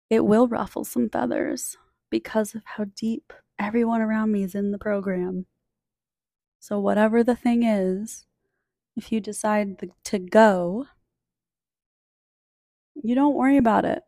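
A woman's voice: medium pitch, dark tone, no room sound, studio quality. A woman hosting a spiritual self-help talk, speaking to the listener in a soothing, encouraging way, recorded on a phone. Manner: soothing, encouraging, direct address. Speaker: podcast host.

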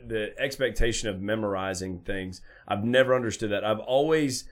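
A man's voice: on the low side, normal speed. A man, co-hosting a podcast in a laid-back way with casual swearing. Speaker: podcast co-host. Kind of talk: casual chat.

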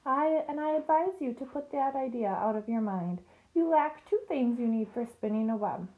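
A wise, calm female spider explains things patiently, in a gently raised voice, as a woman reads her aloud. It is a storybook reading, and her tone is fond and sure of itself. She speaks a little above the reader's plain pitch. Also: normal speed, phone-quality sound, natural voice.

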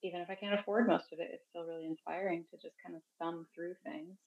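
A woman's voice: lowish voice, fairly even intonation, quick pace, lo-fi sound. A woman co-hosting a podcast in casual chat, rambling with fillers as she shares news. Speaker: podcast co-host.

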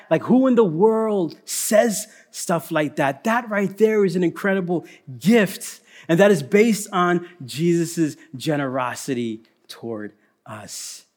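Animated young preacher man. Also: high voice, slow. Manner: animated, dramatic swings from loud to hushed. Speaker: pastor. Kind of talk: sermon.

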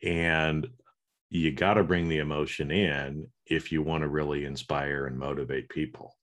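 A man's voice: a bass voice, steady tone, normal speed, fairly bright tone. A man co-hosting a podcast, explaining ideas as a leadership coach, often restarting and tagging sentences with "right?". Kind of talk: casual conversational chat.

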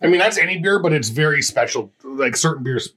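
A man's voice: fairly high pitch, lively intonation, fairly quick, sharp tone, breathy edge. A Canadian man co-hosting a casual beer-tasting podcast, joking around and breaking into song and silly voices. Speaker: podcast co-host and editor.

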